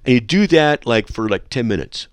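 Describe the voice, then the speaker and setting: A man's voice: medium pitch, expressive, moderate pace, noisy background. A man hosting a talk radio show from a studio, lecturing sarcastically and reading listener emails aloud. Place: radio studio with a control room window.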